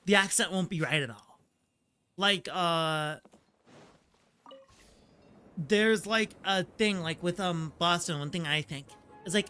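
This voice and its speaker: Bright-voiced, rambling male streamer. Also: high voice. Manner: rambling, full of "like" fillers, laughs easily. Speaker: streamer and voice actor. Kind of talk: casual gaming stream chat. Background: faint game music.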